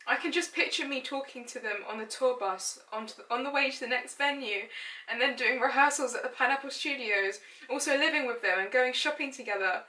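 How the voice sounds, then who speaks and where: A woman's voice: high-pitched, a little fast, pushed and bright, far from the mic. A woman in her late twenties, chatty and self-mocking, reading her childhood diary aloud and giggling now and then. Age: late 20s. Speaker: lifestyle blogger. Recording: echoey room, mic set back.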